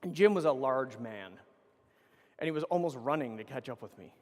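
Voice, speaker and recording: A man's voice: mid-range voice, lively intonation, a little fast. A middle-aged man giving a casual, profane, rambling conference talk on stage, correcting himself as he goes. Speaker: conference speaker. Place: large conference hall. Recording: reverberant conference hall.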